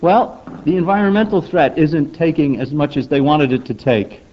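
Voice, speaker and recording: A man's voice: a little high, lively intonation, moderate pace, a little hiss or hum. An older man giving a public lecture in an emphatic, rhetorical manner, often asking the audience for agreement. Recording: dull lo-fi recording.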